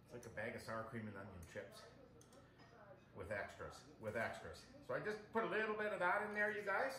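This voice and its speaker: A man's voice: medium pitch, fairly quick, crowd noise. A man hosting a casual cooking demonstration in his home kitchen, chatting away and calling his viewers "you guys". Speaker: cooking show host. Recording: echoey kitchen with loud frying sizzle.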